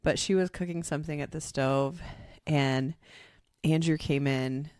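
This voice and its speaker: A woman's voice: sits low, fairly even intonation, measured pace, a little mellow, smooth, dry recording, clean studio sound. A mother in her thirties co-hosting a casual podcast, chatty and laughing often as she tells family stories. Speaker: podcast co-host. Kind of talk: casual chat.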